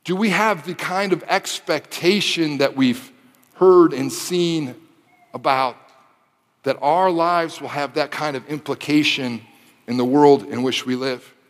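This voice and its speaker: In a large hall, a pastor in his forties from the Detroit area in Michigan delivers a sermon at a measured pace in a slightly high voice. He builds to impassioned repeated phrases while slipping in casual asides to the audience.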